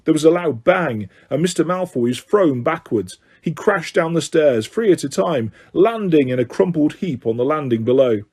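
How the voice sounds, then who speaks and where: A man narrating an audiobook in a steady reading voice. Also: fairly high pitch, moderate pace, few pauses, husky. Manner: steady reading, occasional self-corrections. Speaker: audiobook reader.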